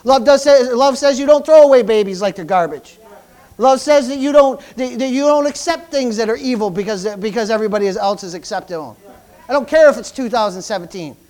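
A man's voice: extremely high pitch, a little fast, darkish tone. A man preaching a fervent sermon in church, repeating himself and punctuating lines with hallelujah and praise the Lord. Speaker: pastor.

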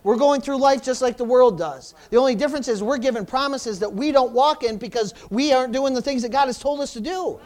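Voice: high voice, a little fast, hardly any pauses, darkish tone. A pastor preaching a sermon to a congregation in church, often restarting phrases and calling out "amen?" and "praise the Lord".

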